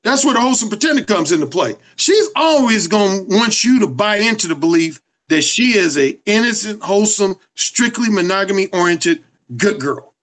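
Guy with a high voice lecturing about dating, emphatic and cussing a lot. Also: animated, moderate pace, hardly any pauses, fairly bright tone, poor audio. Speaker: dating coach and interview guest. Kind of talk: casual interview.

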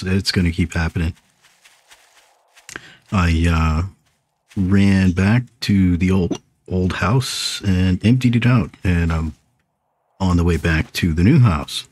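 Husky low-voiced man with hiccups. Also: slow, long pauses, a little mellow. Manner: chatty, talks to himself while playing. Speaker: gaming video host. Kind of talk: casual gameplay commentary.

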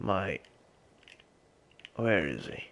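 A man's voice: deep voice, sing-song, drawn-out words, gravelly. A young man streaming a survival game, talking in a put-on character accent that he says strains his voice, swearing and exclaiming as he plays. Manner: swears constantly, exclaims loudly. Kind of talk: role-play gameplay commentary.

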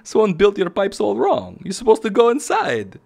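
A man voicing a cheerful Italian video game plumber in an exaggerated mock Italian accent, high and bouncy. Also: very animated, normal speed, creaky, a little mellow, heavily acted. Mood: playful. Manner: high, bouncy, playful impression.

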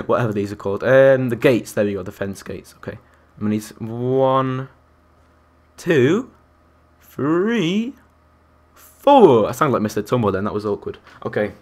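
Here a young man gives live gameplay commentary, counting aloud and reacting to his chat and other players. He speaks fast with few pauses, in a fairly low-pitched, steady voice.

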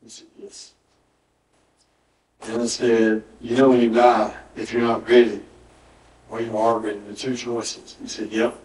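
A man's voice: mid-range voice, flat delivery, a little slow, pauses often, darkish tone, slight background noise. Man, pastor, sermon, repeats for emphasis, echoey church, distant mic. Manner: storytelling, quoting dialogue with emphatic repetition. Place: church sanctuary.

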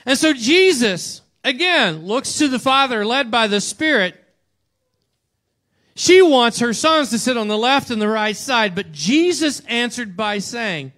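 Guy pastor preaching in church, high voice, chatty, keeps asking right?. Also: lively intonation, unhurried, a bit bright. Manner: conversational, asks rhetorical "right?" and acts out quotes. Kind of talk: conversational sermon. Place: church before a congregation.

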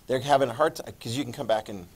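Talking fast in a mid-range voice, a history teacher lectures his class in a relaxed, conversational manner. Every so often he breaks off to ask if everyone is keeping up, then returns to where he left off.

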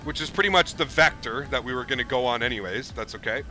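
A man's voice: mid-range voice, fast, bright, forceful tone, faint music behind. A man streaming a flight simulator, chatting casually with viewers, thanking them and reading their chat messages aloud. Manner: casual and upbeat, chatty, calls viewers dude.

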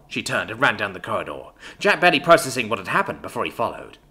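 A man narrating a story in an expressive, storytelling manner. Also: on the low side, fast talker, hardly any pauses. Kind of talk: scripted narration.

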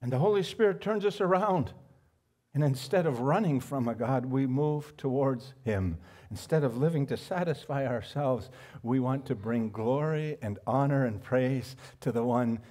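A man preaching a sermon as pastor, swinging between hushed, reflective lines and loud, animated outbursts. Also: mid-range voice, normal speed. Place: church sanctuary.

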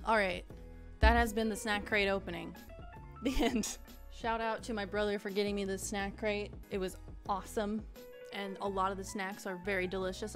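A young woman streamer chatting casually and joking as she taste-tests snacks, often giggling. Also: mid-range voice. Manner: bubbly, jokey, giggly. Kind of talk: casual taste-test chat.

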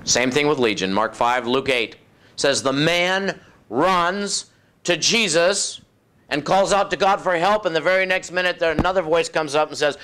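A male preacher gives a folksy, conversational sermon at normal speed in a somewhat high voice. He acts out demons and doubters, dropping to a low, soft tone for effect.

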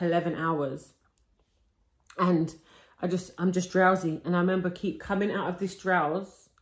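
Girl chatting to her camera, lots of likes and restarts, a bit low, roomy sound. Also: darkish tone. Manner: chatty, tells it breathlessly with many likes and restarts. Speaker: vlogger. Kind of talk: casual storytime. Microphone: camera she films herself with. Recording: roomy echo.

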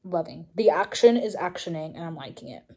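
Chatty young woman with a mellow voice. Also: lowish voice, fairly quick, husky. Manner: excited, chatty, laughs, drops to hushed tones. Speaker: book vlogger. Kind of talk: casual reading vlog.

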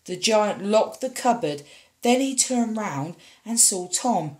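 A woman reads a children's picture book aloud at an unhurried pace. Her pitch rises and falls in a very lively way as she tells the story. The echo of a roomy space surrounds her voice. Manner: expressive storytelling. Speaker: storybook reader. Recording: echoey room.

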